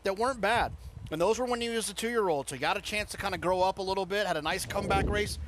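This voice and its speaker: A man's voice: high voice, quick pace, background noise. A man discussing a racehorse's form in a conversational broadcast. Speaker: racing analyst.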